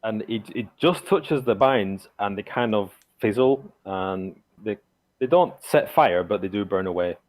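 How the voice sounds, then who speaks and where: A man's voice: lowish voice, animated, measured pace, a little mellow. A man narrating as game master of a tabletop game, hesitant, with many fillers and restarts.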